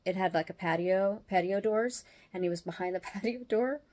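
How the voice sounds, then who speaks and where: A woman hosting her own show, telling a personal story in a casual, animated way and laughing as she goes. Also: mid-range voice, moderate pace. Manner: animated, acts out the other people's lines as she retells them; laughs often while telling. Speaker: host.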